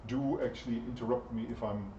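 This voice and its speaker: A man's voice: mid-range voice, steady tone, brisk, dark tone, a little hiss or hum. Chatty male lecturer in an echoey room. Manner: chatty, asks the class questions. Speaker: university lecturer. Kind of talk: interactive lecture. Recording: echoey, distant, dull lecture-room recording.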